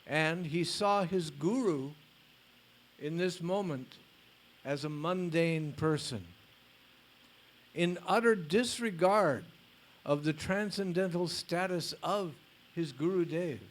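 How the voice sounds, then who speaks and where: A male spiritual teacher giving a lecture, reading a story aloud in a deliberate way with blunt casual asides. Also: a little high, a little hiss or hum.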